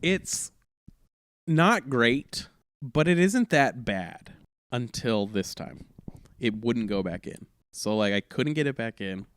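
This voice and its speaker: The man speaks in a smooth, clear voice that sits at an ordinary pitch. He tells his story casually, in a rambling way, and keeps restarting his sentences. The sound is close and dry, with no room around it. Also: expressive, takes it slowly, fairly bright tone, no room sound. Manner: rambling, self-correcting, laughing through the story. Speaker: comedian guest.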